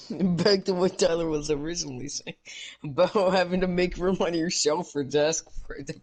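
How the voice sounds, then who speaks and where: A man's voice: fairly high pitch, steady tone, moderate pace, a little mellow. A young man in a casual chat with friends, joking, laughing often and swearing freely.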